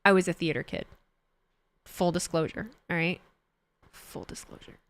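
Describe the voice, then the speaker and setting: A woman's voice: fairly low pitch, fairly even intonation, normal speed. A woman streamer in casual live chat, joking theatrically and answering her viewers.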